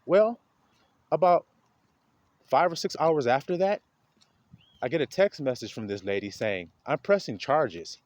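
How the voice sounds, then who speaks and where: A man preaching informally to his viewers outdoors in melting snow, talking straight to them and building to a loud preaching pitch. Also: big pitch swings, measured pace, long pauses, dry recording, dull audio. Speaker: street preacher. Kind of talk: informal outdoor video sermon.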